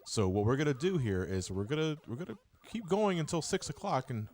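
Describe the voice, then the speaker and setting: A man hosting a charity live stream, explaining things in a rambling, halting way with many fillers. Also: fairly high pitch, expressive, a little mellow. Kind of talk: casual live-stream talk. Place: room with a multi-mic radio-style setup.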